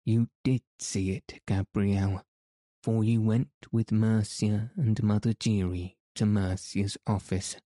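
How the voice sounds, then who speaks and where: A man's voice: fairly low pitch, little pitch movement, takes it slowly, warm tone, no room sound, clean studio sound. A man voicing a furious, suspicious male opera secretary in an audiobook, speaking in an accusing, insistent way.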